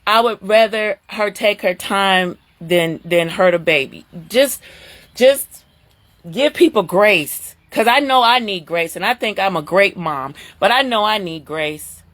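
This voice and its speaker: A middle-aged woman hosting a live stream, talking casually and chattily to her viewers, sometimes jumping up into a high squeal of surprise. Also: unhurried, fairly bright tone, no echo.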